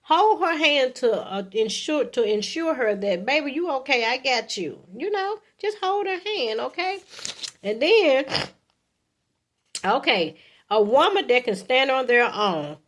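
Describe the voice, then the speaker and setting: A woman in her fifties speaks slowly with big swings in pitch, and there's a little background noise. She offers casual relationship advice to the camera in a chatty, folksy style, often checking in with "okay" and acting out sweet lines to a partner in a high voice. She keeps coughing from allergies.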